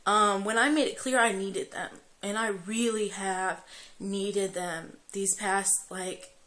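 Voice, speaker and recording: A young woman vlogging at home late at night. She is tearful and crying as she talks, rambling and swearing freely, halting often with fillers. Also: mid-range voice, fairly even intonation, fairly bright tone. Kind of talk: emotional confessional vlog.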